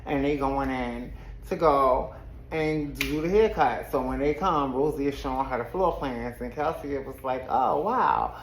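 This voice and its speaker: A woman's voice: very deep voice, moderate pace, reverberant, a little hiss or hum, poor audio. A woman giving a casual, sassy recap of a reality TV episode with her own commentary, laughing often as she tells it. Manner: sassy, expressive storyteller who laughs often.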